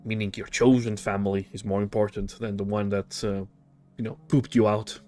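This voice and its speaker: A man's voice: on the low side, steady tone, a little fast, soft background music. Irreverent, swearing male game streamer. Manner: irreverent, profane, wry asides. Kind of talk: casual commentary while reading game dialogue.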